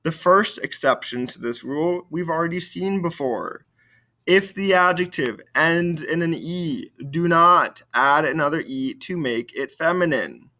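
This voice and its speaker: Male French teacher, slightly high voice, slow deliberate pacing, leads repetition drills. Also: pushed and bright. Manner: slow, clear drilling, modeling words for students to repeat. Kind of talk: recorded video lesson with repetition drills.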